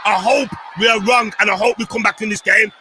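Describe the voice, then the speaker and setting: A man co-hosting a live fan watchalong stream, agitated and often shouting at the game as it unfolds. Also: high voice, steady tone, a little fast, music in the background. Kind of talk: live match watchalong chat.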